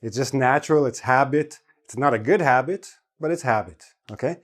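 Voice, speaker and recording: A young Canadian man gives an English lesson straight to his viewers. He speaks slowly and deliberately, stressing every syllable so each word can be caught. His voice is of ordinary pitch for a man. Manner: slow, carefully enunciated, stresses each syllable. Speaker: English teacher. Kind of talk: scripted lesson to camera.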